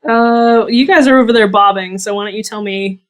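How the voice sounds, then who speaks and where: A woman narrating as game master of a tabletop game, easygoing and quick to laugh. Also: medium pitch, steady tone.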